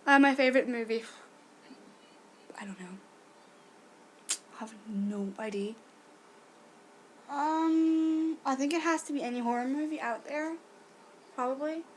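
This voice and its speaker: A young woman with a fairly high voice, chatting through a casual question-and-answer vlog. She is self-deprecating and easygoing, recorded at home on a camera mic with a faint hum of ambience behind her. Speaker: vlogger.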